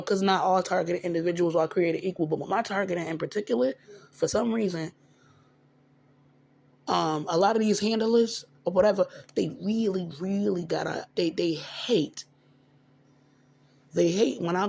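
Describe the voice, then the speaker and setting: A man's voice: high-pitched, moderate pace, vocal fry, a little mellow. A man vlogging in a casual personal monologue into a phone, rambling with frequent restarts and repeated words.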